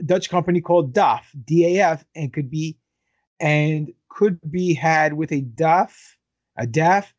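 Guy hosting a chatty podcast, kinda high pitched, dry mic, cracks jokes a lot. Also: darkish tone, dry recording. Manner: joking, reads news aloud. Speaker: podcast host. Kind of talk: casual chat.

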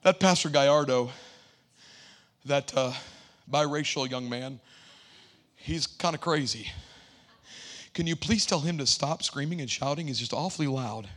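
A man voicing a haughty, self-important churchgoer who scorns loud worship, in a sneering, muttering manner. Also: mid-range voice, unhurried, long pauses, pitched below the performer's own voice, lightly acted. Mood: sniffy, disdainful.

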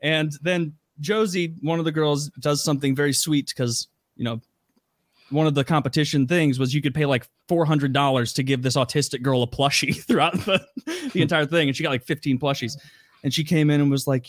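A man telling a story in relaxed, rambling talk, padding it with fillers and curse words. His voice sits a bit above the usual male pitch, and the sound is dry and close with no room echo. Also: fairly quick. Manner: rambling, many "like" fillers, swears freely. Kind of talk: casual storytelling chat.

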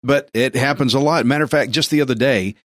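A man's voice: mid-range voice, fast talker, dry recording, studio quality. A man in casual Bible discussion, blunt and folksy.

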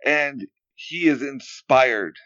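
A man narrating as game master of a tabletop game, in a playful, deadpan way. His voice sits mid-range. The sound is dry and a little muffled. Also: medium pitch, slow, no echo. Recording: slightly dull, dry sound.

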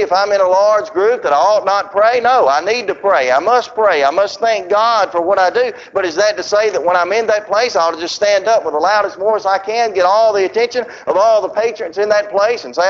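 A man preaching a sermon in a fairly high voice. He slows down for scripture and moves between loud, raised points and low, hushed drops. The recording sounds dull and lo-fi. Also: slight background noise.

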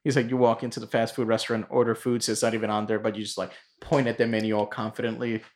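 Relaxed man telling stories. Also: fairly low pitch, very fast, a little hiss or hum. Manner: relaxed storyteller, dry jokes. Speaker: podcast co-host. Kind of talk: casual chat.

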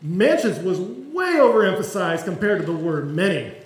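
A man's voice: sits high, lively intonation, normal speed, roomy sound, low-quality recording. A man pastor giving a sermon in a conversational, self-deprecating way, with touches of humor. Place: church sanctuary.

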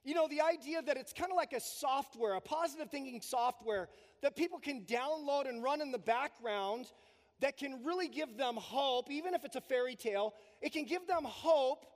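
A man preaching an emphatic sermon as pastor, with big swings between loud punches and quiet drops. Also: very high-pitched. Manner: emphatic, preaching with strong build-ups and drops. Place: church sanctuary. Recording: long reverb of a church hall.

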